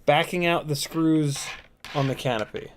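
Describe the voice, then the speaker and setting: A man's voice: on the high side, measured pace, a little hiss or hum. A man hosting a casual drone livestream, muttering in exasperation as he tinkers and reads chat aloud. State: still a bit sick. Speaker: FPV drone livestream host.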